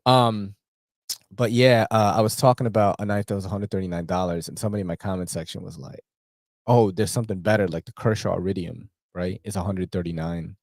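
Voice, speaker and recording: A man hosts a loose, casual chat, his voice sitting a little low. He talks in slang, swears freely and leans on fillers. The sound is dry and close to the mic. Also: fairly even intonation, a little fast, vocal fry, a little mellow, dry recording. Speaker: host.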